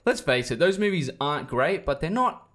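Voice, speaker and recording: A man's voice: a little high, big pitch swings, fairly quick, a bit bright. A man hosting a casual film chat, steering the topic and reading facts aloud. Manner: leads the talk, reads facts aloud.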